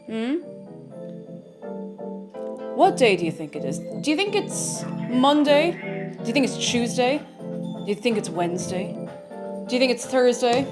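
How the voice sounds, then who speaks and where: A bubbly woman streamer chatting from her kitchen, her high voice bouncing up and down with lively swings. She greets viewers one after another in a playful, silly way, with soft music running behind her. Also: measured pace, long pauses. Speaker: livestream host. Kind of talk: casual chat with live viewers. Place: home kitchen.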